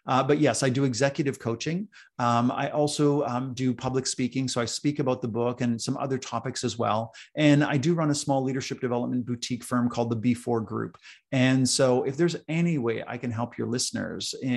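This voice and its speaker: Male podcast guest, coach type; earnest storyteller, gravelly texture. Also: mid-range voice. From North America, East Coast. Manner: earnest, storytelling, emphatic repetition. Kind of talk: casual podcast conversation.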